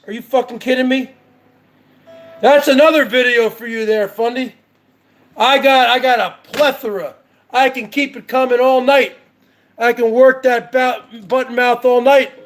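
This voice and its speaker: A man hosting his own show, ranting in heated, profane, repetitive commentary. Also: extremely high pitch. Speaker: show host.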